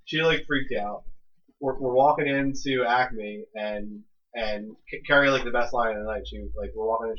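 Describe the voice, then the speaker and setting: A man's voice: mid-range voice, moderate pace, a bit bright. A young man hosting a podcast, telling a long story in casual chat with lots of restarts and fillers. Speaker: podcast co-host. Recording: dull lo-fi podcast audio.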